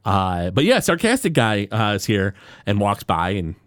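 A man co-hosting a laid-back podcast walks through an episode recap, performing each quote with lively energy. He speaks in a lowish voice at a moderate pace, in clean studio sound with no room noise.

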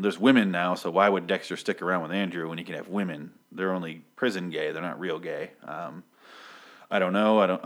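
Man, lowish voice, casual comic recap, rambling, profane, lots of ums. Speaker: comic book reviewer.

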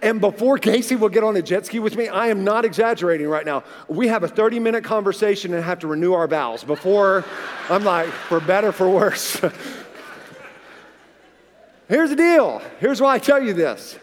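A pastor in his forties preaches a sermon with a high voice at a moderate pace, animatedly telling a personal story and acting out the dialogue. The long reverb of a large hall surrounds him.

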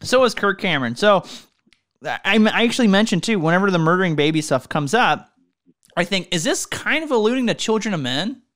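A bright, tense-sounding voice that leaps wildly in pitch while trading jokes in a casual movie chat. It sits slightly back from the microphone. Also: very animated, fairly quick. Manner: laughing, jokey, plays along with bits. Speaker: podcast co-host.

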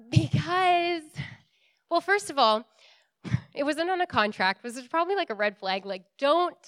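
A young woman telling a story in a casual, animated way, laughing often and full of likes and ums. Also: sits high, dry recording.

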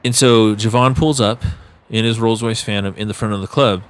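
Male guest, deeper voice, animated raconteur, casual and profane. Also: fairly quick. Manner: animated storyteller, acts out quotes, swears casually. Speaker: podcast guest, former bouncer. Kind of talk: casual late-night storytelling.

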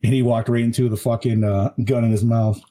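A man with a warm, mellow voice talks through a film with his friends in loose, profane podcast chat. He muses aloud and leaves some of his thoughts hanging. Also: mid-range voice, flat delivery, brisk. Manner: profane, musing, trails off mid-thought. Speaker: podcast co-host. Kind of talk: casual movie-review chat.

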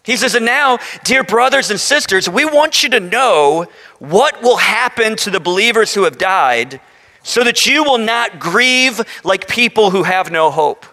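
A man preaching a sermon as pastor, animated, with joking asides to the congregation. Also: high-pitched, a little slow. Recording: long reverb of a large hall.

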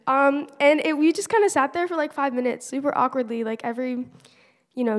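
A woman's voice: on the high side, a little fast. A teenage girl giving an earnest, conversational faith testimony at church, with many casual fillers. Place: church hall. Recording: long church-hall reverb.

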